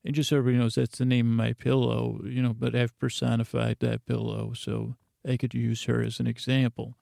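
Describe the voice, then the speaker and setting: A man hosting a podcast, telling a meandering, stammering bedtime story in a gravelly voice. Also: mid-range voice, completely flat delivery, a little fast, mellow, no room sound, clean studio sound. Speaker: podcast host.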